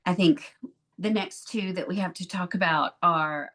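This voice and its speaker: A woman co-hosting an advice podcast on betrayal recovery, explaining in a gentle, measured way. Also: lowish voice. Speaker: podcast co-host, therapist. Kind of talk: calm advice talk.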